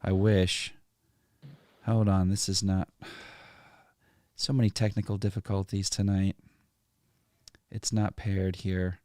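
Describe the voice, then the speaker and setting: Host: man, low register, smooth and clear, dry close sound, easygoing live-stream chat. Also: level tone, slow pace, long pauses, a little mellow, no room sound. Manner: easygoing, chatty, laughs often. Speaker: livestream host.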